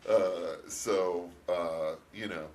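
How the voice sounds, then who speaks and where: A man co-hosting a podcast, chatting casually about an old action film, often laughing and acting out quotes. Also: drawn-out words. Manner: animated, laughing, acts out quotes with big pitch jumps. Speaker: podcast co-host. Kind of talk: casual movie review chat.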